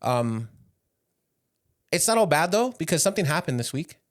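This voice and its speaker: A young man co-hosting a podcast, telling stories in a casual, animated way, teasing his friend and laughing a lot. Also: on the high side, normal speed. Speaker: podcast co-host and business owner. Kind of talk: casual chat.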